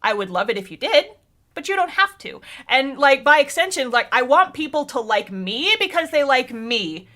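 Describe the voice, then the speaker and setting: A young woman chatting as a podcast co-host, her voice high and bright. She talks in an animated way, laughs often and drops the odd swear word. Relaxed, conversational delivery. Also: normal speed. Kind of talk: casual chat.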